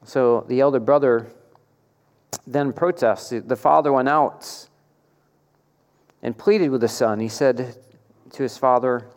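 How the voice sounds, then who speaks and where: A man's voice: medium pitch, slow pace, pauses often. Man preaching in a reverberant hall. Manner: rhetorical questions, animated emphasis. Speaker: pastor. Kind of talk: sermon.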